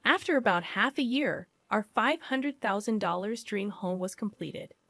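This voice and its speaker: A woman narrating a first-person family story in an even, measured way. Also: medium pitch, creaky, no room sound.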